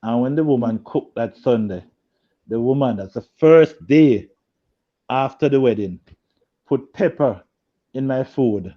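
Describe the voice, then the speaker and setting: Man, animated storyteller, muffled video-call sound. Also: medium pitch, unhurried, pauses often. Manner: animated storyteller, laughs a lot, acts out quotes loudly. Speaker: guest. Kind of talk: storytelling in a group video chat.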